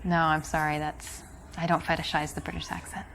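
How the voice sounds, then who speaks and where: A woman's voice: sits low, level tone, a little fast, gravelly, fairly bright tone, slight background noise, rough recording. An actress playing an unimpressed young American woman who answers in a dry, dismissive way.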